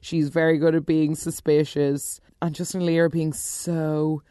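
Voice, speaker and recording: Casting note: woman, low voice, chatty and opinionated recap host, dry close sound. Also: flat delivery, moderate pace, warm tone, no room sound. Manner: chatty, opinionated, exclaiming in high bursts. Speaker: soap opera recap host. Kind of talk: casual recap commentary.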